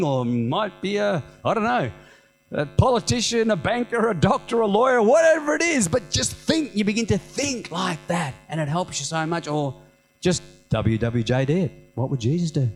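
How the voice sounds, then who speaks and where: Delivering his sermon with lively, conversational energy, a middle-aged senior pastor pokes fun at himself humorously. His voice sits high, and the recording is of poor quality.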